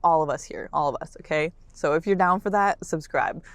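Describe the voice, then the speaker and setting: A young woman vlogging casually to camera from a parked car, bubbly and excitable, often repeating herself. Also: low-pitched, fairly quick, dry recording. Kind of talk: casual vlog talk to camera. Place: parked car in a public lot.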